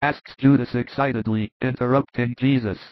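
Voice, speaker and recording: A man narrating a religious story in an even, descriptive way, on a dull recording. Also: medium pitch, normal speed, no room sound. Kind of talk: scripted narration.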